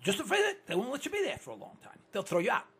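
A male radio talk show host, delivering an animated, ranting, opinionated monologue into a studio microphone. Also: very high voice, very fast, breathy edge. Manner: animated and ranting, with repeated catchphrases.

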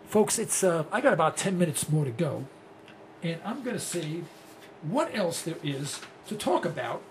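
A man's voice: on the high side, sing-song, normal speed, noisy background. A man in his sixties hosting a rambling, blunt talk radio monologue. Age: 60s. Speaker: host.

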